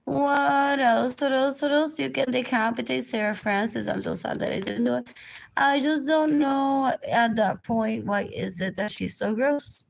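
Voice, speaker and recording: A woman's voice: high voice, a little slow, vocal fry. A woman rambling through a livestream monologue, drifting between topics and repeating herself.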